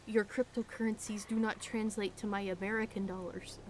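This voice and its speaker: A woman's voice: mid-range voice, flat delivery, a little fast, slight background noise. A tired woman chatting in character during a roleplay stream, wry and blunt, swearing casually. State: tired late at night.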